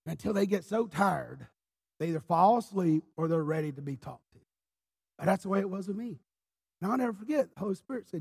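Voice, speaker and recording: A pastor preaching a sermon in church, telling his story with passion, dropping low and then rising to shouts. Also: animated, brisk, gravelly, husky. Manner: impassioned storyteller, swinging from quiet to shouting.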